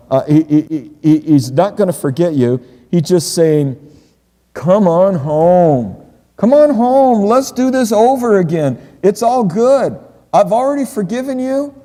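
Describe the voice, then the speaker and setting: Earnest pastor preaching in a big hall. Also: male voice. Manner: earnest, reassuring, drops low and quiet on key words. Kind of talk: sermon. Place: church sanctuary. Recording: long hall reverb.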